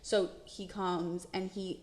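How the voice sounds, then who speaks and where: A young woman co-hosting a podcast, telling a story in an animated way, laughing, swearing and acting out the quotes. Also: fairly low pitch, slow pace. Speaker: podcast co-host. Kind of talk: casual storytelling chat. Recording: roomy echo.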